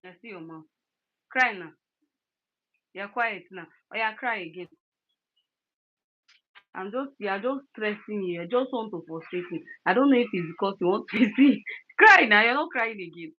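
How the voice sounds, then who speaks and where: A woman chatting casually while working as a wig stylist, thinking aloud and softly cooing to a baby. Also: medium pitch, moderate pace, long pauses. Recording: lo-fi with clear background noise.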